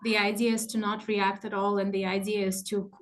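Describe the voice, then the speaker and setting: A middle-aged woman teaching a live online workshop, animated and laughing often as she acts out inner thoughts. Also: mid-range voice, fairly quick. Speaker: masterclass teacher.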